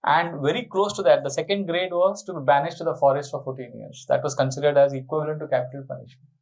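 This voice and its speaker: A man giving a storytelling sermon on a tour talk, animated and often putting questions to his listeners. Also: fairly high pitch, fast talker, vocal fry, low-quality recording. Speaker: spiritual speaker.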